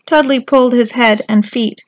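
A woman gently and expressively reading a children's storybook aloud. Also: on the high side, steady tone, normal speed, background noise. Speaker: storybook reader.

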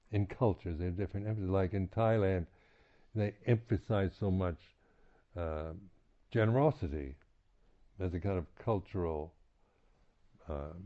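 A male meditation teacher, low-pitched, offers a reflective dharma talk during a retreat. His delivery halts, circles back with restarts and repeated words, and is broken up by quiet chuckles. The audio sounds thin and phone-like.

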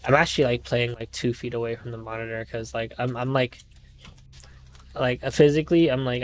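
Man, game streamer, live gameplay commentary, middle pitch, nervous, rambling, swears a lot. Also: fairly even intonation, fairly quick, a little hiss or hum.

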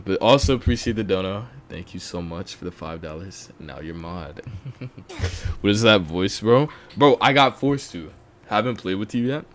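A man streaming a video game and chatting with viewers, excitable and quick to yell, his voice a little strained from talking for so long. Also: sits low, slight background noise. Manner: excitable, breaks into yelling and laughing bursts. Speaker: streamer host. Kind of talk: casual gaming livestream commentary.

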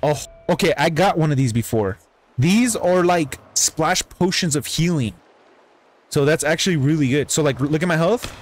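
Excitable male gaming streamer, slightly high, swings pitch all over, music playing behind. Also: moderate pace, slight background noise. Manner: excitable, jumpy exclamations and sudden high yelps. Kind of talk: casual gameplay commentary. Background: background music.

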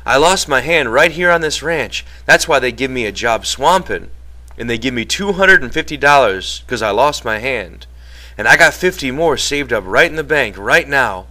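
A worried old ranch hand missing one hand pleads to be let in on the plan, voiced by a man reading an audiobook. He talks in plain, rough rural speech, eager and a little desperate, in a bright, forward tone. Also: medium pitch, expressive, normal speed, voice pushed up. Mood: pleading. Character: elderly one-handed male ranch hand, anxious, eager.

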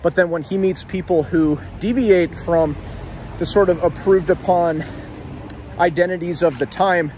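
A man's voice: sits high, unhurried, a little mellow, slight background noise. A young man hosting a casual video about a novel, talking while walking along an outdoor street. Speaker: literature video host. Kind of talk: casual literary discussion vlog.

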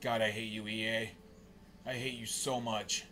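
Bright-voiced, cursing male streamer. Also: fairly low pitch, level tone, measured pace, soft background music. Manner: frustrated, profane, grumbling at the game. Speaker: live streamer. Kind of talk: live gameplay commentary.

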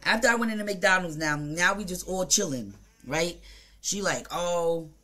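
Jamaican streamer, mid-pitched, blunt and profane storytime rant, rambling with fillers. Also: moderate pace, pushed and bright. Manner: mimics other people in short quoted asides.

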